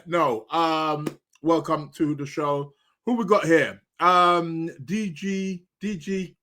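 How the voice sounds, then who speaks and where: A man's voice: a little high, sharp tone, slight background noise. A man hosting an astrology podcast live stream in a casual, rambling chat, greeting viewers by name and munching snacks as he talks.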